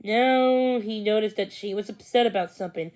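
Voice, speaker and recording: A woman reading a children's book aloud, narrating slowly, carefully and expressively. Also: mid-range voice, a little mellow, poor audio. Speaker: storybook reader.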